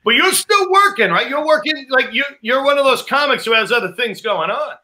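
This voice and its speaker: Very bright, high-voiced man telling an anecdote. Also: animated, fairly quick, slight background noise. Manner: rambling anecdote teller who acts out quotes. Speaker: podcast co-host. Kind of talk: casual podcast chat.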